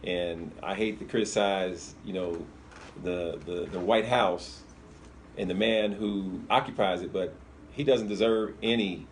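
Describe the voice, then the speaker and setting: A man's voice: low voice, steady tone, measured pace, slight background noise. A man co-hosting a political talk show, blunt and critical in his opinions. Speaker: co-host.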